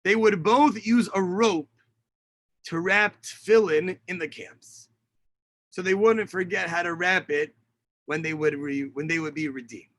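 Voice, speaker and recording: A man's voice: high-pitched, a little slow, a bit bright, no room sound. A rabbi teaching an online lesson over a video call, explaining and translating Hebrew lines as he reads them, with many fillers. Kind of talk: online lesson on Tisha B'Av kinot. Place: home setup on a video call. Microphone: video call mic.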